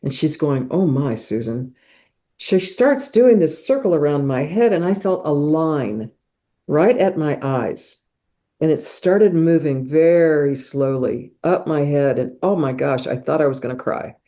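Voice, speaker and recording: Middle-aged woman guest, dark mellow tone, lively storyteller who acts out sounds; muffled podcast audio. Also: sits low, unhurried. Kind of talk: personal storytelling in an interview.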